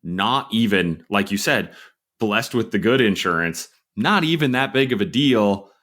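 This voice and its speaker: An American man with a low voice co-hosts a casual podcast and riffs with sarcastic, wry commentary. He talks to the listeners directly. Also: lively intonation, a little slow, fairly bright tone. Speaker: podcast co-host. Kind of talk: casual comedic chat.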